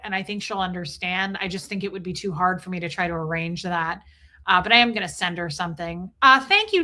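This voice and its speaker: Female streamer, middle-aged, bright tone, loose and emotional, thanks chat between thoughts. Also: mid-range voice. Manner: rambling and emotional, thanking viewers. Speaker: livestream host. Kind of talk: casual livestream chat.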